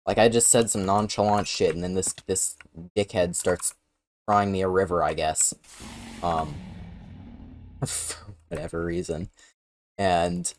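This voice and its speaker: A man with a deep, low voice tells a story straight to the camera in a loose, casual way. His telling is blunt and full of swearing and dry sarcasm. A faint noise sits behind him. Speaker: storyteller recounting a personal experience.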